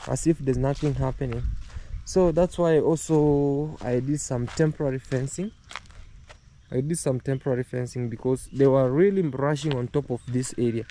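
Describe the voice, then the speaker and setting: A man's voice: mid-range voice, warm tone. Rambling man on a rural farm. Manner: rambling, repeats himself, many fillers. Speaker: vlogger showing his home farm. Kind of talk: casual walk-and-talk vlog. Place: outdoors on a rural home farm.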